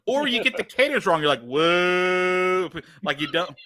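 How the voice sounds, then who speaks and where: Bright-voiced man joking on a podcast. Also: high voice, moderate pace, dry recording, studio quality. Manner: animated, joking, laughs often. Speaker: podcast co-host. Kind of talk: casual chat.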